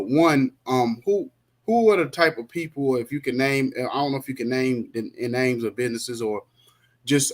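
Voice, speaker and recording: A man hosting a podcast, talking in a rambling, conversational way. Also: medium pitch. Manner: rambling, conversational, full of fillers and restarts. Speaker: podcast host. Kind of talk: casual interview chat.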